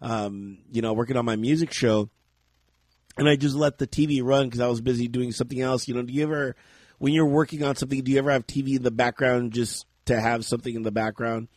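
Man, podcast host, casual chat, animated, laughs a lot, middle pitch, dry close mic. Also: fast, no echo. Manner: animated, laughs often, acts out his own reactions.

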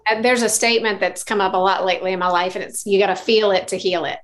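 A woman's voice: mid-range voice, steady tone, fast talker. A woman hosting a podcast, talking in a reflective, affirming way during a casual interview chat. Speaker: podcast host.

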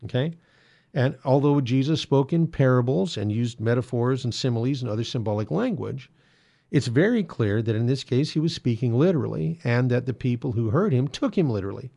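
A man's voice: mid-range voice, lively intonation, a little fast, vocal fry, mellow. A man hosting a Catholic apologetics talk, explaining doctrine in a conversational way with many fillers and restarts. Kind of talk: casual explanatory monologue.

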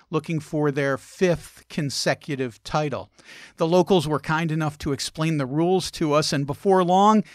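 Man with a higher voice narrating travel tips. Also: a bit bright, no echo, clean studio sound. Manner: wry, anecdotal storytelling. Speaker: travel and food show host.

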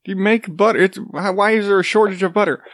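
A man's voice: sits high, steady tone, a little fast, a bit bright, no room sound, clean studio sound. A man with a congested, stuffy nose, rambling sarcastically in a casual, profane chat. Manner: rambling, sarcastic, swears freely.

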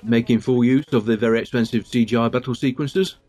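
A man's voice: mid-range voice, fairly even intonation, fairly quick, a little mellow. Chatty man hosting a watch-along. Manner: chatty, chuckling, reads out episode trivia. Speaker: podcast host. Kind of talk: casual commentary while watching an episode.

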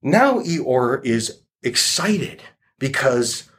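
Husky man explaining a moral. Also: medium pitch, sing-song, extremely slow, a bit bright. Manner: reflective, rambling explanation. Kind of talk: retelling a story with a moral.

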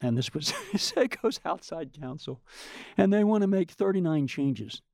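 A man's voice: a little high, moderate pace, vocal fry, no room sound, clean studio sound. An older man, a guest, telling a long anecdote in casual chat and acting out the voices of the people he quotes. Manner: animated, acts out quoted voices. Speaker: guest storyteller.

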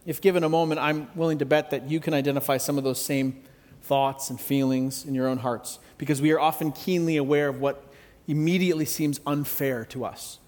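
A man preaching a sermon in a conversational, reflective way with gentle humor. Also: a little high, steady tone, a little fast, big-room sound. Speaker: pastor.

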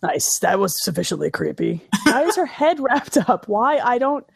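A woman's voice: on the high side, very animated, creaky, slightly rough. A woman co-hosting a casual movie riff, trading sarcastic jokes and laughing with her co-host. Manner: sarcastic, laughing, rapid banter.

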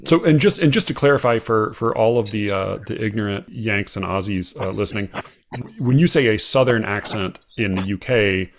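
An American man hosting a casual chat, talking haltingly with many fillers and restarts. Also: lowish voice, a little hiss or hum. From United States.

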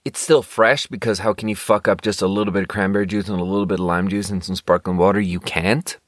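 A man's voice: low voice, fairly even intonation, quick pace, dry recording, clean studio sound. A young man hosting a casual talk show, telling rambling, jokey stories and swearing freely. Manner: rambling, profane, jokey storytelling. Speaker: podcast host reviewing sparkling water. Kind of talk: casual monologue.

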